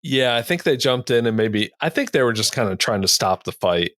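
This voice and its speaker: A man's voice: mid-range voice, expressive, brisk, fairly bright tone, dry recording. A man cohosting a podcast, telling a rambling story in a laid-back, casual way and laughing at his own tales.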